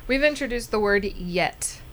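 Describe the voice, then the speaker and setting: A woman's voice: medium pitch, animated, a little slow, slight background noise. Chatty woman podcast host. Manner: chatty, playful, laughs easily. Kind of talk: casual podcast conversation.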